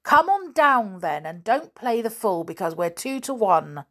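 A woman voicing a bold, bossy schoolboy who gives brisk orders in a storybook reading. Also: mid-range voice, sing-song, voice pushed up. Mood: stern. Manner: commanding, brisk.

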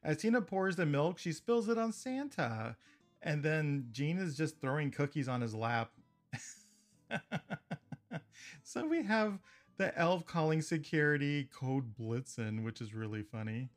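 Chatty man with a slightly high voice. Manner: chatty, laughs often between remarks. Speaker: podcast host. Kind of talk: casual episode recap.

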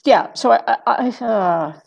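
A woman's voice: on the high side, expressive, unhurried, gravelly, a little mellow. A middle-aged woman talking as a podcast guest, rambling through many fillers and restarts and laughing often. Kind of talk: casual podcast conversation.

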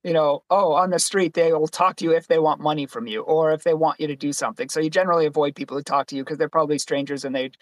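Racing along with hardly any pauses, a young Bostonian podcast host tells stories on a laid-back livestream, mimicking quoted people in a higher voice. His tone is steady and there's no room sound.

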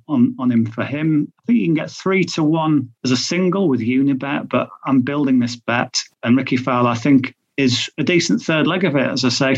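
A man talking as a podcast tipster, rattling off results and odds with plenty of ums and uhs. His voice sits at a middling pitch. The recording is muffled and lo-fi. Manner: chatty, reels off stats and odds with frequent fillers. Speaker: golf betting tipster. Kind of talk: podcast chat. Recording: dull lo-fi audio.

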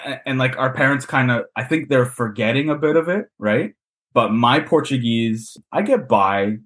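A man from Canada talks casually as a podcast guest at an ordinary middle pitch. He rambles and pokes fun at himself, padding his sentences with fillers. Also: animated, moderate pace, a bit bright. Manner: rambling, self-deprecating, many fillers. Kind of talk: casual chat.

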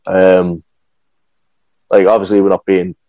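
A man's voice: sits low, little pitch movement, measured pace, dark tone, no room sound, lo-fi sound. A young man chatting casually as a podcast guest, rambling with lots of fillers and restarts. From England. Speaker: guest, professional wrestler.

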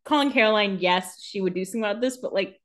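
A woman in casual chat, reacting quickly and using lots of "like" fillers. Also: medium pitch. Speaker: podcast co-host.

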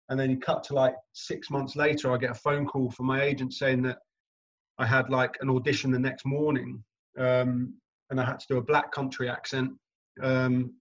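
A man's voice: medium pitch, highs cut off. A young man, an actor guest, chatting casually in an interview and telling anecdotes with frequent laughs. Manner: animated anecdotal storyteller, laughing often.

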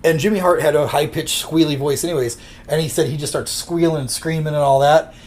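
A man co-hosting a casual podcast, spinning rambling stories. His voice sits a bit high for a man, and he acts out quotes as he goes. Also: fairly even intonation, fairly quick. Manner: rambling anecdotes with acted quotes. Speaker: podcast co-host. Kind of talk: casual storytelling chat.

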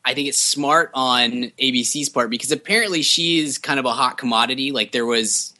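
A man's voice: medium pitch, fairly quick, pushed and bright. A man co-hosting a casual podcast, chatting about TV shows with sarcastic asides. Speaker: podcast co-host. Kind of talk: casual chat reviewing TV pilots.

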